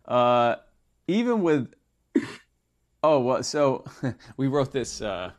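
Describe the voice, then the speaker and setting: A man's voice: mid-range voice, sing-song, slow. A man co-hosting a podcast, rambling and sarcastic in casual political comedy chat, with lots of filler words. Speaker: podcast co-host.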